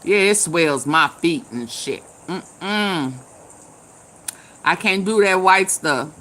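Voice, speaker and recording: A tipsy woman, hosting a casual live chat, loud and laughing, swearing and calling out viewers by name. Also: lowish voice, expressive, takes it slowly. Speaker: live stream host.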